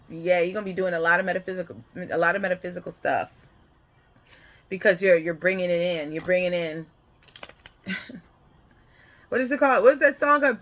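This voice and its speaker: A woman gives a casual spiritual reading in a bright, forward voice. She rambles from one thought to the next and often checks in with the listener. She laughs often. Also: fairly low pitch. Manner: rambling, keeps checking in with "okay?". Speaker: spiritual card reader.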